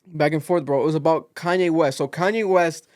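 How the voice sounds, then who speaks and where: A young man hosting a casual podcast, telling a story with lively acted-out quotes. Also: a little high, brisk, dry recording, studio quality. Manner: animated storytelling, acts out quotes. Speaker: podcast host.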